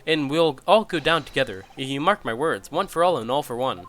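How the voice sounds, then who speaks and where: A man's voice: medium pitch, expressive, brisk, fairly bright tone, faint music behind, lightly acted. A man putting on a blustering old army officer. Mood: jolly. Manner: hearty, clipped old-fashioned military chatter.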